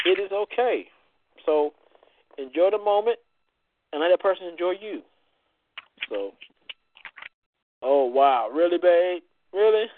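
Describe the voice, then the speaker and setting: Male show host, high and animated, brash and preachy, dry phone-quality audio. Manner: loud, playful, preachy banter with frequent cursing. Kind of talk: casual radio-style chat.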